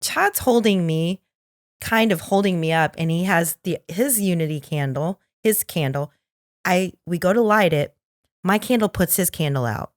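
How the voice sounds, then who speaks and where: A woman co-hosting a podcast, telling a wedding story in a casual chat and acting out the quotes with lively energy. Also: on the low side, moderate pace, no room sound, studio quality. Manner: animated, lively storyteller who acts out quotes. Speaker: podcast co-host.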